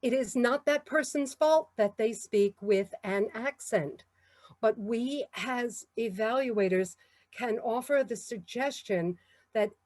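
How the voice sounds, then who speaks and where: A woman with a New York accent giving a measured, encouraging talk on public speaking. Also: medium pitch, darkish tone, dry recording. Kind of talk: instructional talk.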